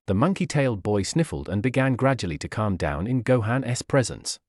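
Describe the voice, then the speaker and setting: Male narrator, storytelling read, steady and plain, animated intonation, dry booth sound. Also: fairly low pitch, normal speed, few pauses, dry recording.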